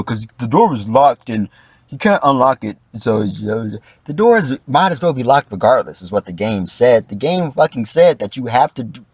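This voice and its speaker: A man's voice: medium pitch, slightly rough, no room sound, lo-fi sound. A man giving casual, profane livestream commentary, acting out quoted lines in mock voices.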